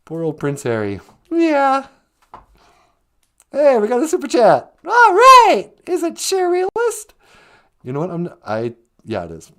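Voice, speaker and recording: A man's voice: extremely high pitch, takes it slowly, long pauses. A man hosting a comic live-stream language lesson, joking and laughing easily as he explains words. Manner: joking, laughs often, relaxed teaching.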